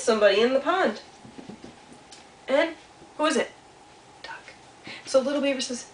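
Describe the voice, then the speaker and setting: A woman telling a children's story with puppets, animated and asking the kids questions. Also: sits high, moderate pace, pauses often. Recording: roomy sound from a distance, faint hiss.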